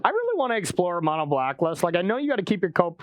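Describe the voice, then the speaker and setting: An upbeat man talks through his card game play in a casual back-and-forth. His voice sits high, and the sound is dry and close, with no room around it. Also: huge pitch swings, dry recording, dull audio. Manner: upbeat, quick agreeing interjections. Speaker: card game player on a show. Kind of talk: casual banter while playing.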